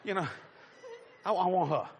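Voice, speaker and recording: A man preaching a storytelling sermon, animated and laughing, sometimes dropping to a hush. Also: sits high, normal speed, some chatter behind. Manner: animated, laughing storyteller with sudden hushed drops.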